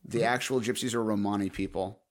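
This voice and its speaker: A man's voice: fairly low pitch, steady tone, brisk. A man co-hosting a movie podcast in casual chat, laughing often and arguing playfully. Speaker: podcast co-host.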